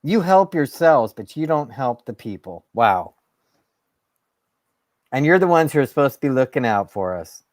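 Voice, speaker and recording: A man's voice: mid-range voice, sing-song, moderate pace, pauses often, darkish tone, no echo, clean studio sound. A man hosting his own show, ranting in a fired-up, sarcastic way and swearing. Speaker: host. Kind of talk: ranting monologue.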